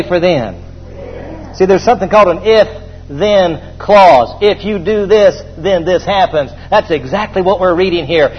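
Male pastor, high husky voice, emphatic call-and-response preaching, lo-fi church recording. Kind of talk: sermon.

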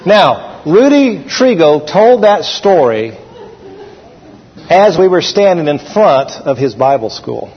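A man's voice: fairly high pitch, very animated, slow pace. A man preaching a sermon in a folksy storytelling manner with fillers. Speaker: pastor. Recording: echoey hall, dull sound.

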